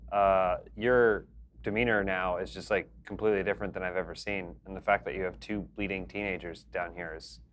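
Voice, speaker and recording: A man voicing a laid-back, quietly mumbling male diner regular in a tabletop game. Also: sits low, steady tone, a little fast. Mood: suspicious calm.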